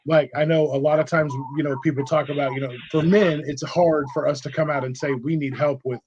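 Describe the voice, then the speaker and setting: A man's voice: a little high, steady tone, brisk, a little mellow. A man in his forties, a podcast guest telling his story in a frank, emphatic, conversational way. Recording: dull lo-fi audio with faint noise.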